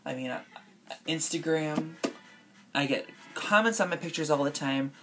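Young woman, casual vlogger, effusive fan gushing to camera, lower-pitched voice. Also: normal speed, faint music behind. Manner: gushing and effusive, heavy use of "like" and "girl". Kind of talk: casual direct-to-camera vlog.

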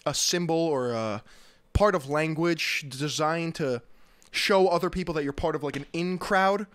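High-voiced man roasting a video. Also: unhurried, a bit bright, dry recording. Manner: mocking, exaggerated, bursts into laughter. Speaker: reaction video host. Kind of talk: comedic reaction commentary.

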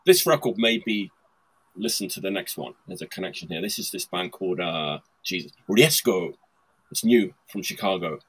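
On a casual video call, a man hosts a chat presenting his punk vinyl picks, rambling enthusiastically with many fillers and frequent laughter. His low voice is expressive, a bit bright and slightly rough, at a moderate pace.

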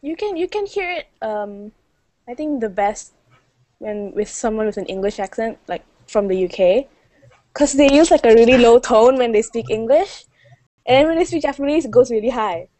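A woman guest in a casual online chat, giggly and excitable, mixing English and Japanese. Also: fairly high pitch, normal speed, no room sound.

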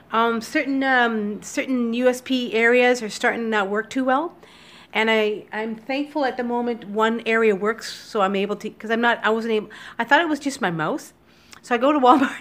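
A woman talking to her viewers in a casual daily vlog from home, emotional and teary, speaking haltingly with many restarts into a computer webcam. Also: a little high, fairly bright tone. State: upset and teary. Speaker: vlogger. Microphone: computer webcam recording.

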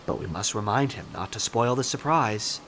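A calm, soothing engine driver, as a narrator puts him on in a storybook, speaking evenly and reassuringly. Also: male voice, on the low side, normal speed, slight background noise.

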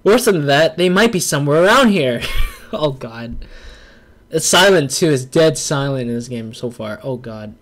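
A man's voice: medium pitch, animated, moderate pace, fairly bright tone. A man hosting a gaming video, chatting and laughing while he narrates a horror visual novel with a friend. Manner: laughs a lot, teasing and chatty. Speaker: let's play host. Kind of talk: casual gaming commentary.

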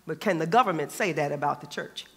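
A man's voice: a little high, fast, husky, big-room sound. A man pastor preaching a sermon, emphatic and colloquial, repeating phrases for stress.

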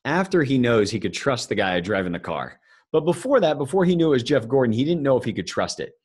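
A man's voice: mid-range voice, big pitch swings, quick pace, darkish tone, slightly rough. A man giving a live financial seminar, talking conversationally and joking with the audience. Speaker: financial speaker presenting to an audience.

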